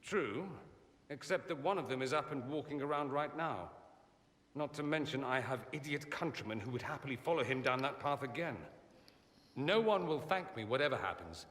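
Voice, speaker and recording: A man's voice: medium pitch, expressive, moderate pace, fairly bright tone, big-room sound, natural voice. An actor voicing a witty, vain male mage in a video game, sardonic and theatrical, by turns playful and grave. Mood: bitter.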